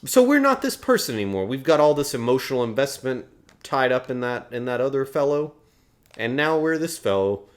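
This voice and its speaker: A man's voice: mid-range voice, very animated, a little fast. A man casually commenting on a video game, wry and joking as he riffs with a friend. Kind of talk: casual let's play commentary.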